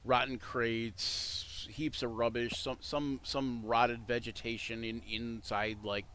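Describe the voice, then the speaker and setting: A man's voice: mid-range voice, level tone, slow pace, fairly bright tone, a little hiss or hum. A man running a tabletop game as game master, rambling with many restarts and fillers.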